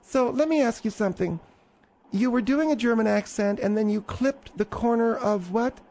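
A man's voice: very high-pitched, normal speed, a little mellow. A man voicing a prim, fussy middle-aged woman who fills in as host of a comedy call-in radio show and calls callers dear and honey.

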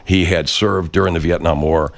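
A man's voice: low-pitched, steady tone, normal speed, creaky. A man hosting a show, ranting in a brash, foul-mouthed, rambling monologue. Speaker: host. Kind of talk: profane rant monologue.

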